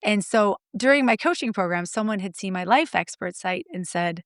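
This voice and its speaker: A middle-aged woman coach telling stories in an interview, blunt and lively, acting out her clients' lines. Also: medium pitch, normal speed, few pauses, no room sound, clean studio sound. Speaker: guest, marriage coach. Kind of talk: animated storytelling interview.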